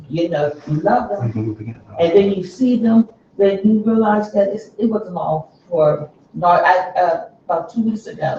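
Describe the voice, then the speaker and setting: Middle-aged woman telling her class a story from the heart, halting, stopping and restarting, muffled and far from the mic. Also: mid-range voice, warm tone, a little hiss or hum. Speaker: class member. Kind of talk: sharing a personal story. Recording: very echoey room, distant mic.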